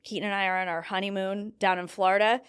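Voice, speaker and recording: A young woman talks fast in a smooth, medium-pitched voice, appearing as a guest in a casual chat about grief. She shares stories earnestly and with feeling, animated and using fillers along the way.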